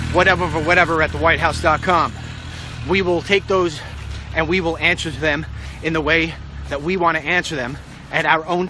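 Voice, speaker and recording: A man's voice: a little high, noisy background. A middle-aged man giving a rambling, confident walk-and-talk vlog commentary outdoors on a street, recorded on a handheld phone. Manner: rambling, confident, talks to the president directly. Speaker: political vlogger.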